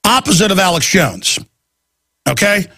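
A talk show host with a high-sitting, bright, forceful voice rants through a rambling monologue at a moderate pace, very animated and full of restarts and stammers. He acts out quoted people in shifting voices, and the recording has no echo.

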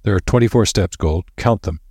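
A man reading aloud, voicing a stern doctor who gives calm, firm orders. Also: deep voice, a little fast, husky, no echo, studio quality. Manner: stern, commanding. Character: stern, steady male doctor. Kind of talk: audiobook character voice.

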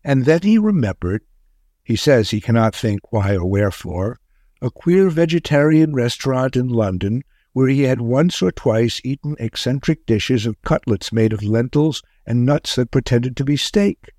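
A man narrating a wartime tale in a measured, grave storytelling manner. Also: medium pitch, lively intonation, dark tone, no room sound, studio quality.

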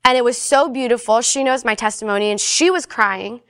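A woman guest recounts her personal faith story in a quick, animated way, briefly acting out the people in it as she goes. Her voice sits a little high. The sound is close and dry. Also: dry recording. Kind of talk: casual spoken storytelling.

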